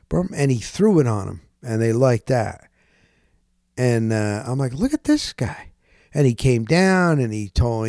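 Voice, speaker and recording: A man's voice: medium pitch, no room sound, studio quality. A man hosting a talk show, telling a long casual story and acting out the voices of the people in it, blunt and a bit profane. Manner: animated, acts out quoted voices, blunt and profane. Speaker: radio host telling a story. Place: lives in Florida.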